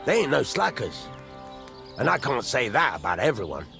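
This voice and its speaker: An actor playing a gruff middle-aged blacksmith who grumbles and curses, in a video game. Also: male voice, mid-range voice, huge pitch swings, normal speed, pushed and bright, soft background music, exaggerated voice. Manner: gruff, cursing.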